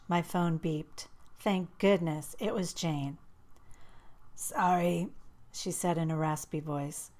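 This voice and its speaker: Woman narrator, low-pitched, calm measured audiobook reading. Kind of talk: scripted first-person narration.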